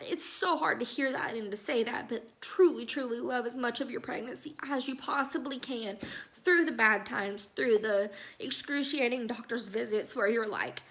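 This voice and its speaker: Brief: young woman in her twenties, high voice, gentle and halting, soft laughs, speaking to camera. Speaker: bereaved mother sharing her story. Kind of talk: emotional personal Q&A vlog.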